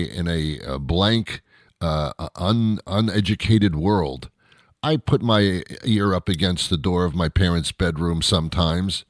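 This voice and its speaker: Recorded dry and clean in a studio, a low-voiced, middle-aged Canadian man hosts a radio talk show alone, voicing disbelief in a rant and imitating people to ridicule them.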